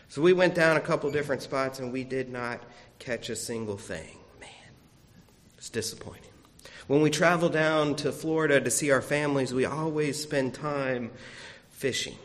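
A man's voice: mid-range voice, moderate pace. A man gives a sermon in a church sanctuary, a pastor whose voice sits in the middle range. He tells homespun stories with easy, self-deprecating humor. His words ring out with a long reverb off the hard walls of the room.

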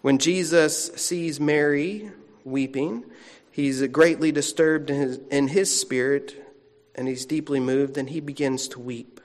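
Slow-speaking pastor in a reverberant church. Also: male voice, a little high, steady tone. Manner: conversational, chatty storytelling with asides to the congregation. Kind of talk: sermon. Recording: long reverb of a large hall.

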